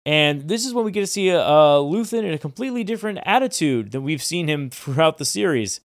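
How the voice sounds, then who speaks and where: A man's voice: on the high side, sing-song, a little fast, no echo, clean studio sound. A man co-hosting a podcast, narrating TV scenes in casual chat with filler words and quoted lines. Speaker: podcast co-host.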